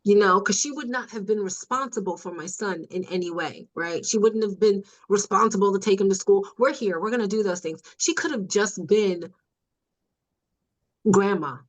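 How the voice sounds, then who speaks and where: Woman, podcast guest, earnest, reflective, candid chat, mid-pitched voice. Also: normal speed, poor audio. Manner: earnest and reflective, getting animated at points.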